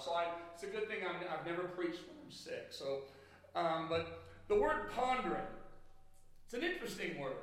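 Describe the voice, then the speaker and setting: Loud high-voiced preacher, very echoey room. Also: male voice, distant mic. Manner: loud carrying voice, folksy asides. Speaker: pastor. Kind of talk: sermon. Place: church hall. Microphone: handheld or stand mic.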